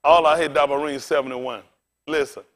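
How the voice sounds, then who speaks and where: A man's voice: fairly high pitch, steady tone, brisk, fairly bright tone. A male pastor preaching a rowdy, colloquial sermon, calling out to his congregation for responses.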